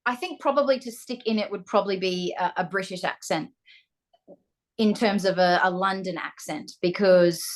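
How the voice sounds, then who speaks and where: A young woman with an Australian accent, chatting as an interview guest and often pausing with ums and restarts. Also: mid-range voice. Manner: hesitant, restarts, frequent ums. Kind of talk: casual interview chat.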